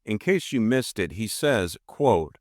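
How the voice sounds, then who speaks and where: A man's voice: on the low side, big pitch swings, a little slow, no echo, studio quality. A man hosting a podcast, delivering scripted narration in an emphatic, rhetorical way. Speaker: podcast host.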